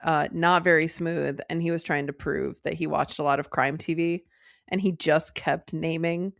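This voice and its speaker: Woman with a lowish voice, laughing through a podcast chat, dry close sound. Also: fairly even intonation, moderate pace, vocal fry, no echo. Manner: giggly, quotes characters while laughing. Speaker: podcast co-host. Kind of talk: casual chat.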